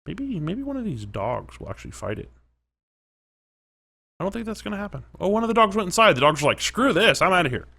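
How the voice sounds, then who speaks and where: A man's voice: sits high, sing-song, brisk, creaky, pauses often, bright, forceful tone. A man narrating his own game play, chatting and reacting aloud, at times dropping to a whisper. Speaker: gaming commentator. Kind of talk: let's play commentary.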